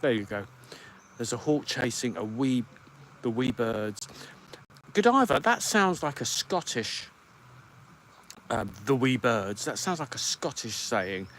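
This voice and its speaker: A man's voice: mid-range voice, sing-song, measured pace, long pauses, fairly bright tone, slight background noise. A man from the UK hosting a podcast live stream, chatting casually and rambling as he reads out viewer comments. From United Kingdom. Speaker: podcast host.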